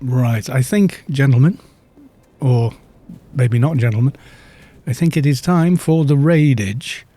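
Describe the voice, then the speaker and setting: A man's voice: medium pitch, lively intonation, measured pace, long pauses, warm tone. A man streaming a game live, chatting casually and telling rambling stories between remarks on play. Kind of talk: casual live-stream chat while gaming.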